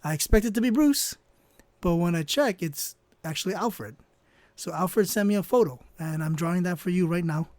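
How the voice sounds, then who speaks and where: High-voiced man telling a rambling story. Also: normal speed, darkish tone, no echo. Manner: rambling and offhand, full of "you know" and "I don't know". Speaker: storyteller and artist. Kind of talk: casual comedic storytelling while drawing.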